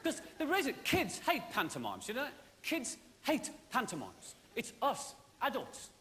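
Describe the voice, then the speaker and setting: A male stand-up comedian with a fairly high voice, telling wry jokes in a chatty, conversational way. He speaks from a large theatre stage into a stage microphone. The sound carries a long hall reverb and loud noise. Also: huge pitch swings, measured pace. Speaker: comedian hosting a theatre show.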